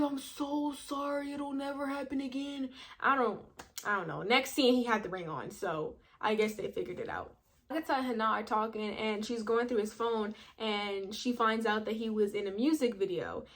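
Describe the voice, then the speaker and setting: A young woman casually recapping a reality show, chatty and full of slang, acting out what people said. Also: mid-range voice. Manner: chatty, slangy, acts out quotes.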